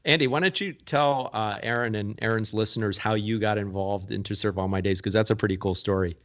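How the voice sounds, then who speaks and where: Low-voiced easygoing man. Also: fairly quick, highs cut off. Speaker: guest, actor. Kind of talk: casual conversational recounting.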